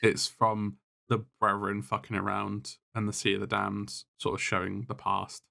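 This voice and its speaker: A man's voice: fairly low pitch, completely flat delivery, moderate pace, gravelly, pushed and bright. A man talking as a podcast guest in casual chat, blunt and exasperated, swearing freely as he complains. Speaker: podcast guest, content creator.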